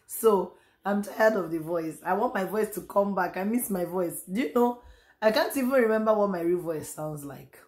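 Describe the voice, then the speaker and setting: A woman with a Nigerian accent chatting casually in a home vlog, her voice hoarse and strained as she loses it. She repeats herself and trails off with sighs. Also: medium pitch, animated, moderate pace, a little mellow. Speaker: vlogger. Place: room at home.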